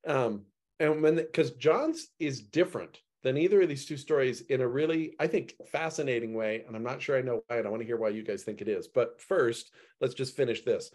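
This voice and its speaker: A man leading a group Bible study discussion. He reads and talks it through, acting out the quoted lines with big jumps in pitch. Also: brisk, darkish tone.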